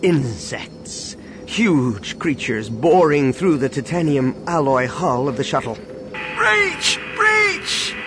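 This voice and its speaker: A man reading a science-fiction novel aloud in measured scripted narration. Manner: measured, dropping low on sad lines. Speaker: audiobook narrator. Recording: steady background noise.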